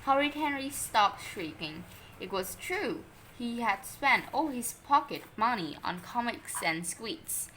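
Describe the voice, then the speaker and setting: Bright, slow woman reading a children's story. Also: a little high, slight background noise. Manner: expressive, unhurried read-aloud.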